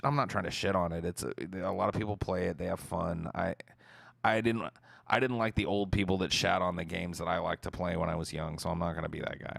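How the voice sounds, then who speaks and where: A man streaming, casually answering viewer questions in a relaxed, rambling way and swearing freely. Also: low-pitched, creaky, no echo.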